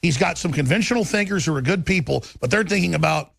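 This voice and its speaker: A man's voice: fairly high pitch, animated, fast talker, vocal fry, a bit bright, breathy edge, dry recording. A middle-aged man hosting a talk show, ranting in heated political commentary with intense repetition.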